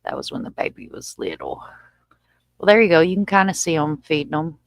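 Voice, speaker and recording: Gravelly Southern woman chatting on a livestream. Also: sits low, very animated, fairly quick, dry recording. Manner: chatty and folksy, reading out viewer comments. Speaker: livestream host. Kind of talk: casual livestream chat.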